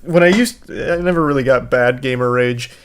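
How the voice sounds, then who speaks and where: A man's voice: mid-range voice, normal speed, clear, resonant tone. A man streamer giving rambling, casual commentary on a clip, swearing freely and laughing at himself. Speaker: streamer reacting to a video.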